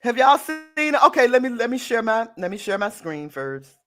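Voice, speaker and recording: High-voiced sassy male talk host. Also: big pitch swings, moderate pace, fairly bright tone, soft background music. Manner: reads news items then adds sassy asides, calling listeners girl and honey; chatty, laughs often, addresses the audience as y'all. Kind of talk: casual live-stream commentary reading news aloud.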